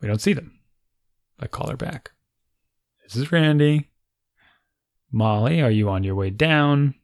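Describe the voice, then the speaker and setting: A man's voice: mid-range voice, expressive, measured pace, dry recording, clean studio sound. A man in his forties casually telling a funny family story, acting out quotes and laughing often.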